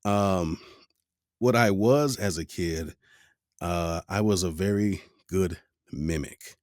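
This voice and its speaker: Male podcast host, very low voice, relaxed reflective delivery, dry close mic. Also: slow, no echo. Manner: laid-back, reflective, with fillers. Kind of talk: casual interview chat.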